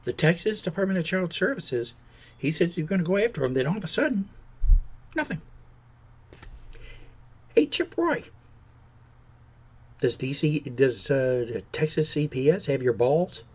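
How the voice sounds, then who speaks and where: A man's voice: a little high, lively intonation, moderate pace, a little mellow, husky. A man hosting a podcast, giving an indignant, sarcastic political rant. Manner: indignant, sarcastic, mocks politicians in put-on voices. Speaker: podcast host.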